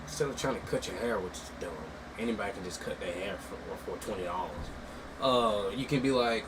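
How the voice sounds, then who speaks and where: A man giving casual, mocking commentary, swinging from loud outbursts to low mutters. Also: brisk, background noise.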